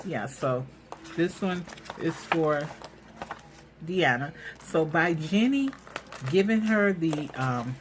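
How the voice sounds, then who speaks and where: Woman, low voice, excitable craft vlog host, casual chatter, faint room hiss. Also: takes it slowly. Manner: gushing, excitable, chatty with many fillers. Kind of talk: casual show-and-tell vlog.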